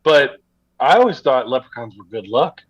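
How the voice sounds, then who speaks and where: A man's voice: medium pitch, expressive, moderate pace, low-quality recording. A man co-hosting a podcast, reacting in short, stammering replies during casual chat. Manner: brief reactions, stammering restarts. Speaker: podcast co-host.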